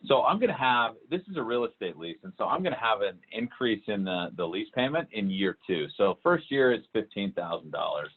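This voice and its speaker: A man walking through a software demo in a webinar, talking with many fillers and restarts. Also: fairly low pitch, very animated, brisk, few pauses, breathy edge. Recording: tinny phone-like call audio.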